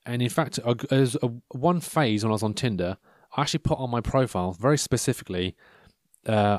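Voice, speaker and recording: A man musing aloud in a loose, digressive way, dropping dry asides as he reads personal ads. His voice sits at an ordinary middle pitch. The sound is close and dry, with no room echo at all. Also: fairly quick, a little mellow. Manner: wry, rambling, digressive commentary. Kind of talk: casual monologue reading out personal ads. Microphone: handheld or desk microphone.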